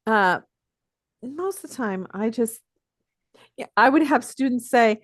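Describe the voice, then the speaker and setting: A woman's voice: fairly high pitch, animated, measured pace, pauses often, dry recording, studio quality. An older woman from the Pacific Northwest, a teacher guesting on a podcast, talking reflectively and chuckling often as she tells stories. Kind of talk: casual interview conversation.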